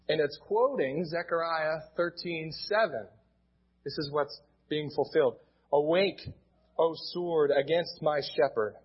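A man's voice: fairly high pitch, breathy edge, muffled recording. A male pastor with an American accent, preaching a sermon in a plain teaching tone and often restarting his words.

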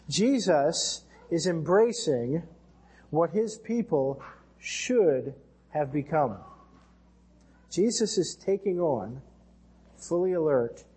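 A man's voice: on the high side, mellow, breathy edge. A man with an American accent preaching an earnest sermon as pastor, lifting his voice when he reads scripture.

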